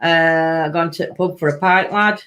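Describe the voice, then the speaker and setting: A woman's voice: low-pitched, fairly even intonation, unhurried, fairly bright tone, soft background music. A woman with a South Yorkshire accent hosting a casual live-stream chat, reading viewer comments aloud and calling everyone "my lovely". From Sheffield, England. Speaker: host of a weekly chat show.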